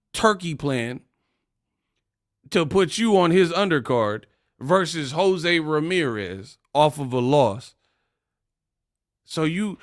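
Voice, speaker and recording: A man's voice: fairly high pitch, no echo, clean studio sound. A man hosting a casual boxing commentary rant, mocking and laughing as he talks. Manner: animated, mocking, laughs often.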